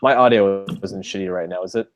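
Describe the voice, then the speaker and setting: A man's voice: low-pitched, a little fast. A man co-hosting a casual podcast over an online call, goofy and rambling. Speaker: podcast co-host. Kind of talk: casual group chat.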